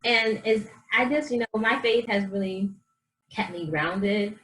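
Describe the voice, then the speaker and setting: A woman's voice: medium pitch, measured pace, rough recording. A woman life coach, a guest in a casual interview, talking earnestly and animatedly about her past and her faith, acting out what others said. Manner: earnest, animated storyteller who acts out quoted voices.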